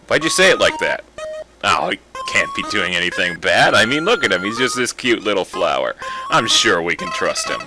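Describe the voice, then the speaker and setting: A man's voice: low-pitched, very animated, normal speed. A man commenting on a game he plays, laid-back and self-mocking. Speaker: let's player. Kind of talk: gameplay commentary. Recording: game music behind.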